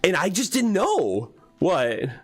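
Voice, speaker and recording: A man's voice: high voice, slow, husky. A young adult man hosting a casual livestream, reading chat aloud and laughing often as he tells stories. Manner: animated, laughs a lot, reads chat aloud. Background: faint background music.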